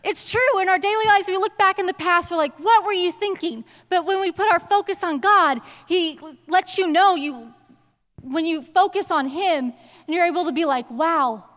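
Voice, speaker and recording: Young woman, very high voice, chatty sermon storytelling, long church-hall reverb. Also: fairly bright tone. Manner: chatty storytelling with slang asides. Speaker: church speaker. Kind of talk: casual conversational sermon. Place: church sanctuary.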